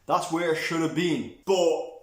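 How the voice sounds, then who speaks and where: Brief: man, young, sweary ranting reviewer, high voice, echoey room. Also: unhurried. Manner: animated, sweary, rambling with restarts. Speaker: movie reviewer.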